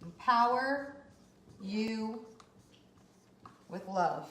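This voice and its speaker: A woman's voice: fairly high pitch, lively intonation, very slow, fairly bright tone, a little hiss or hum. A woman podcast host and business coach giving a motivational talk, emphatic and fired up, cursing casually as she urges listeners on. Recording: roomy, echoey room.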